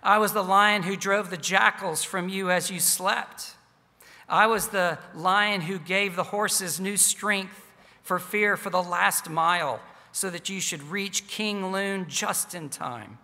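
A man voicing a vast unseen lion, speaking slowly and gently in a hushed, lowered tone. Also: long reverb tail, full character voice. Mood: gentle, solemn.

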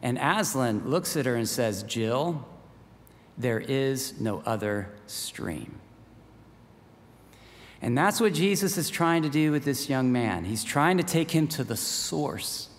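Male pastor, sermon, chatty storyteller, slightly high voice, long room echo. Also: lively intonation, moderate pace, hardly any pauses. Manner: conversational, acts out quoted voices in the story.

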